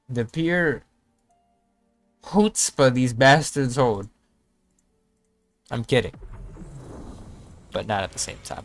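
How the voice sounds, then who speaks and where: A man's voice: medium pitch, lively intonation, measured pace, long pauses, faint music behind. A man giving casual, joking gameplay commentary, often talking to himself as he plays. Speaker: streamer.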